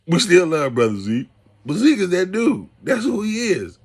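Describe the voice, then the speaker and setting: A man in his thirties hosting a casual podcast monologue, animated and preacherly, talking straight to his listeners. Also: high-pitched, moderate pace, slightly rough. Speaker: podcast host.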